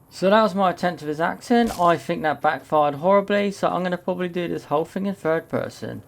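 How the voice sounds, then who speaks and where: A man's voice: high-pitched, lively intonation, a little fast, creaky, a little hiss or hum. A young man giving cheeky, self-mocking commentary over gameplay footage. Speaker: gaming YouTuber.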